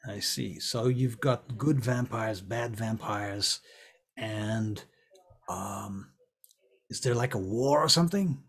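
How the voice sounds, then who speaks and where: Wary young guy man voicing him, husky, keeps poking with questions. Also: fairly low pitch, takes it slowly, heavily acted. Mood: skeptical. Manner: skeptical, questioning.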